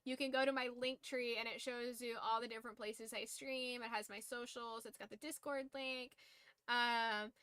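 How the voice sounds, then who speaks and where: Tired, bright-voiced woman streamer. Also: a little high, steady tone, normal speed, clear, resonant tone, no echo. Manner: loose, rambling, swears casually. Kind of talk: casual late-night stream chat.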